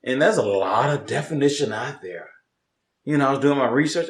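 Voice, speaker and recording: A man co-hosting a casual chat, animated and laughing, with emphatic swings in delivery. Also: medium pitch, brisk. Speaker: co-host. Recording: roomy room echo.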